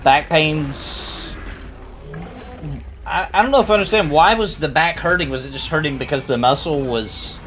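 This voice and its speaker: A man casually chatting on a game stream, telling stories with lively shifts in voice. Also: moderate pace, soft background music. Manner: animated storyteller, jumps high when quoting people. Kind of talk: casual gaming stream chat.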